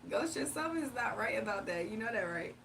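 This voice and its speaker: A playful streamer from Virginia, USA, hosts a casual livestream, reading comments, laughing often and keeping things loose. She talks fast in a fairly high, fairly bright, expressive voice with vocal fry. The mic sits a bit far off, picking up faint room noise.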